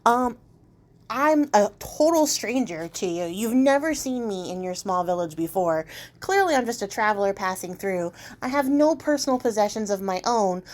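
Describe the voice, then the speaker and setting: A woman's voice: fairly high pitch, lightly acted. A woman voicing a sly little old man, a traveler who wheedles and insists like a salesman.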